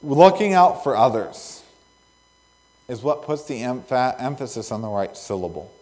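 A man preaching a sermon as pastor, earnest, with pauses and swells of emphasis between phrases. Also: medium pitch, big pitch swings, darkish tone. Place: church sanctuary. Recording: long reverb of a church hall.

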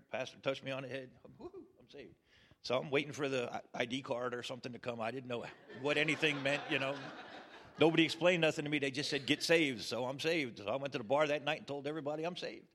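A man's voice: medium pitch, fairly even intonation, fast talker, a bit bright. A middle-aged man giving a plainspoken personal testimony with self-deprecating humor. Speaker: testimony speaker.

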